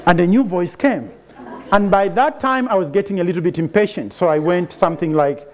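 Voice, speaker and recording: A man with a fairly high voice tells a personal story. He moves easily between narration and the voices of the people he quotes, with an animated storytelling manner. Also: normal speed. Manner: animated storyteller who acts out quoted dialogue. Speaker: speaker telling a personal story. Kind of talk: storytelling talk.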